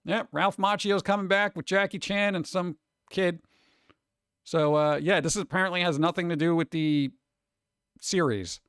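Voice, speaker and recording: A man's voice: high-pitched, normal speed, fairly bright tone, smooth, no echo, clean studio sound. A man hosting a casual stream, rambling through news with sarcastic, mocking asides. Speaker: streamer host. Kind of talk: casual chat.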